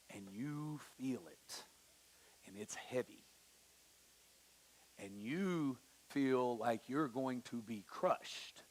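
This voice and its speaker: A man preaching a sermon in church, casual and conversational, acting out the people he quotes with big swings in pitch. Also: husky. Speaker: pastor. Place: church sanctuary.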